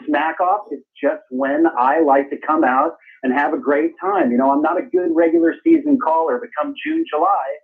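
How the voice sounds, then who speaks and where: A man's voice: on the high side, gravelly. A man calling into a radio show and rambling about his own past wins. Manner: rambling, self-promoting. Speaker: caller. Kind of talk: call-in pitch. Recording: tinny phone line.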